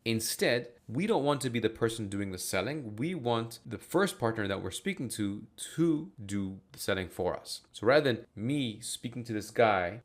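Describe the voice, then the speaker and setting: A man coaching sales teams in a casual, chatty way, acting out both sides of sales calls in quoted voices. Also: lowish voice. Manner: casual, chatty delivery with fillers and restarts. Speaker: sales trainer. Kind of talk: teaching sales tactics to camera.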